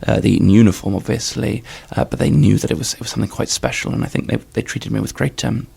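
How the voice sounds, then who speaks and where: A young man giving a deadpan, stammering comic interview, repeating words as he goes. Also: fairly low pitch, quick pace, vocal fry, slightly rough. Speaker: comedian guest. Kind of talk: improvised comedy interview.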